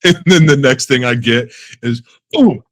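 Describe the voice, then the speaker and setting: A man's voice: mid-range voice, moderate pace, a bit bright, no echo. A man hosting a podcast interview, chatting casually, laughing often and acting out his own reactions in a self-deprecating way. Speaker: podcast host.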